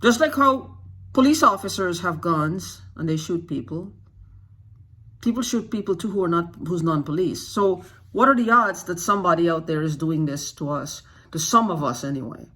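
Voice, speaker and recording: Husky-voiced agitated vlogger full of questions. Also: medium pitch, lively intonation, moderate pace, pushed and bright. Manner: repeats phrases for emphasis. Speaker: YouTube channel host. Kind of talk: unscripted vlog monologue.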